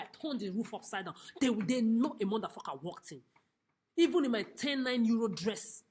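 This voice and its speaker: A woman delivering an angry, accusatory monologue to camera from a chair in a homeless shelter, cursing and repeating herself. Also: fairly high pitch. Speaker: vlogger. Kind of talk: angry direct-to-camera rant.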